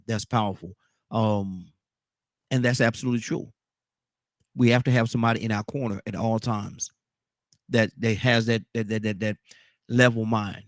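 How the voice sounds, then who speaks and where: A man hosting a call-in radio talk show, speaking in a steady, affirming way. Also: fairly low pitch, dry recording, clean studio sound. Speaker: radio host.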